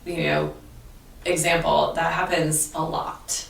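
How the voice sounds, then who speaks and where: Brief: earnest woman teacher, deep voice, roomy distant recording. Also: slow, vocal fry. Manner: earnest, animated storytelling with restarts. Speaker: teacher, interview guest. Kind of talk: conversational interview. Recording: echoey room, distant mic.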